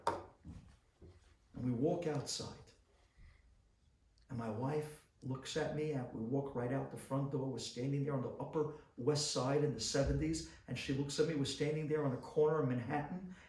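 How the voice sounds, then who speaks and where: A rabbi giving an inspirational talk, telling stories dramatically and swinging between loud bursts and hushed asides. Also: male voice, medium pitch, fairly even intonation, moderate pace, echoey room, distant mic.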